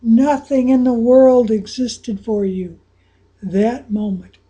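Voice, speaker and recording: A woman coaching listeners through a guided visualization, dropping to soft whispers and then rising to excited exclamations. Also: a little high, takes it slowly, husky. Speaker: anxiety coach guiding a visualization.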